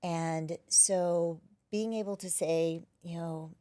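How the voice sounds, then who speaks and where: A woman who is a wellness practitioner, talking gently and reflectively as an interview guest, often dropping to a soft near-whisper. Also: lowish voice, fairly even intonation, slow. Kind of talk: casual interview conversation.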